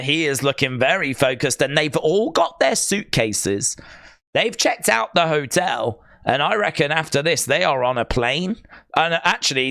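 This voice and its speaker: A man hosting a live watch-along stream, chatting casually in an excitable, rambling way and answering viewers' messages. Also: on the high side, gravelly, no room sound, studio quality.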